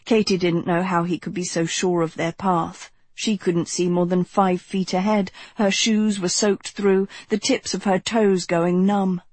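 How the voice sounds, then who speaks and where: A woman narrating a novel in an even, measured reading, recorded close to the mic. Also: fairly low pitch, dry recording. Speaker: audiobook narrator. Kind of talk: scripted narration.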